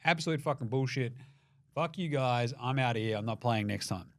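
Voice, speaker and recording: A man's voice: medium pitch, a little fast, fairly bright tone, no echo, clean studio sound, lightly acted. A man with an Australian accent mimicking an angry, sulking star athlete who rants and swears. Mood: indignant. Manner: angry profane ranting.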